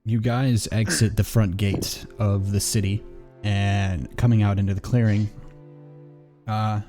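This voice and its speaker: A low-voiced man runs a tabletop game, narrating in a mellow, unhurried way with many fillers. Faint music plays behind him. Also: little pitch movement. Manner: rambling, with fillers and quick asides. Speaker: game master.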